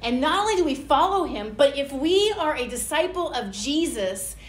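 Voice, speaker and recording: This woman pastor's voice sits high, with lively intonation and a normal speed. She gives a conversational sermon in a church hall, playfully acting out small prayer scenes, and the room around her is echoey.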